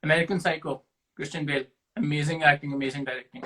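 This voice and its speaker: A young man from Pakistan, a talk show guest, answering rapid-fire questions in a casual, self-deprecating way, often thinking aloud. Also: fairly high pitch, steady tone, sharp tone, poor audio.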